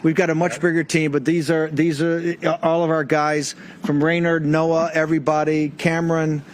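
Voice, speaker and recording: Upbeat man at a lively watch party. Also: on the high side, moderate pace, a little hiss or hum. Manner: upbeat and repetitive. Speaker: event organizer at a watch party. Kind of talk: broadcast interview at a party.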